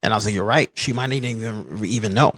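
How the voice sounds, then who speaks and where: A podcast host telling a candid personal story in an earnest, halting way, full of "like" and "you know". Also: male voice, on the low side, fairly bright tone, husky, no echo, rough recording.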